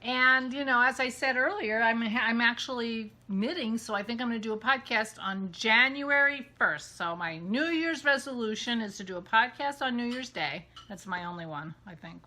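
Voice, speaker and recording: A woman hosting a casual vlog, chatty and excitable, gushing as she talks. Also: on the high side, moderate pace, few pauses. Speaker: podcast host. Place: outdoors walking a dog, then indoors.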